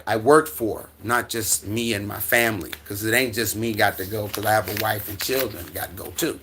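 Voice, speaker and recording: A man's voice: medium pitch, a bit bright. A middle-aged man from the United States hosting a casual livestream from home, answering chat in a rambling way with stammers, restarts and chuckles. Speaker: livestream host reading chat. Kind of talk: casual live-stream chat. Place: at home with his dog.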